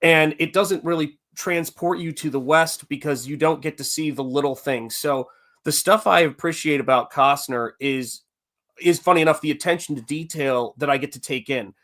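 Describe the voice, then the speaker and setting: A man's voice: a little high, normal speed, a bit bright. A man talking casually as host about Westerns, rambling and correcting himself as he goes. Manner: rambling, self-correcting, enthusiastic fan talk. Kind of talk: casual chat about movies.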